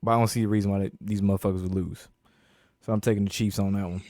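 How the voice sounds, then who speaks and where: A man's voice: on the low side, little pitch movement, racing, dark tone, no echo, studio quality. A man casually hosting a sports picks chat, reading out each matchup and the betting line before giving his pick. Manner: laid-back, reads matchups and lines before giving picks.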